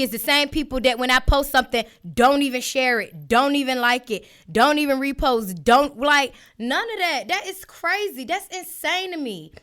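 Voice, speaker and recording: Bright-voiced, animated woman podcast host. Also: sits high, normal speed, few pauses. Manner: animated, talks straight to listeners with many asides. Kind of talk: casual podcast rant. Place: home setup with listeners joining a live stream.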